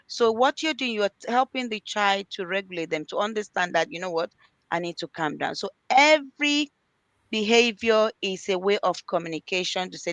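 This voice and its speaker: An animated, slightly bright woman with a medium-pitched voice speaks at a moderate pace, with no room sound. She is a middle-aged early years practitioner giving earnest parenting advice as a panel guest, reinforcing key points through repetition and acting out conversations with kids.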